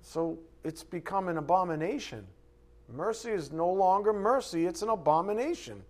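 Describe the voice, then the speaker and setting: A male preacher with a slightly higher voice delivers a sermon. He jumps from forceful, raised lines to low, quiet asides, and keeps throwing rhetorical questions at his congregation. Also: normal speed. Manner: animated, swings from loud emphatic bursts to quiet asides. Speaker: pastor.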